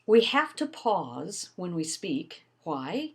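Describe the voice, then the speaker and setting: Woman, older, lower voice, expressive lecturer, recorded lesson. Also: slow pace, few pauses. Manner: expressive, demonstrative, lively emphasis. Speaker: college instructor.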